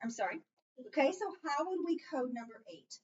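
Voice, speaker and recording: A woman's voice: high voice, expressive, fairly quick, darkish tone. A woman teaching a small group of children to read, patiently leading call-and-response drills in a classroom. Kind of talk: classroom reading lesson. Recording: distant, muffled classroom recording.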